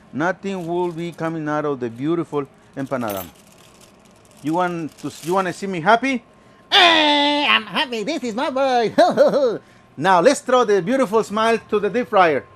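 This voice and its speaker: A man hosting a home cooking show, chatting playfully through each step. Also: sits high. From Mexico. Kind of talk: casual cooking demonstration.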